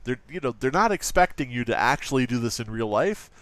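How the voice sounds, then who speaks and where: A man's voice: mid-range voice, animated, fairly quick, fairly bright tone, dry recording. A man casually commenting on an old gaming magazine, joking, swearing and using lots of fillers. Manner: profane, joking, frequent fillers. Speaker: let's play host.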